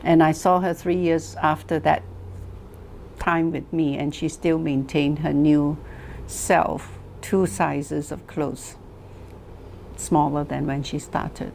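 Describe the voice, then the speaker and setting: Slow, deliberate woman teaching a class. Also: sits low, steady tone, creaky, a little mellow, a little hiss or hum. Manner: slow and deliberate, repeats phrases for emphasis; storytelling with rhetorical questions. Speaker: wellness teacher. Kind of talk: lecture to a class.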